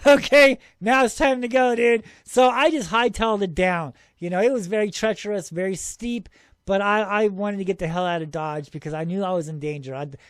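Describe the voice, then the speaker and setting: A man hosting a show and telling his own story in a casual, excitable way. He laughs often and keeps saying "dude.". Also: high-pitched, dry recording, clean studio sound.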